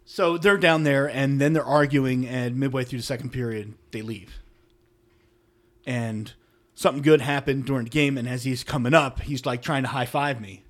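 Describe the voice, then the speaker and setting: A middle-aged man of medium pitch, swapping stories on a casual podcast. He talks animatedly, punching some phrases out loud and dropping others to a low mutter, in a relaxed, conversational way. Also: moderate pace. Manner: animated, swings from loud emphatic bursts to low muttered asides. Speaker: podcast co-host. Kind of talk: casual storytelling chat.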